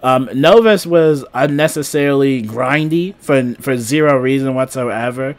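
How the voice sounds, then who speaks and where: A man's voice: medium pitch, measured pace. A young man casually chatting about game news on his channel, rambling with lots of fillers and restarts. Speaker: gaming YouTuber. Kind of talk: casual gaming news chat.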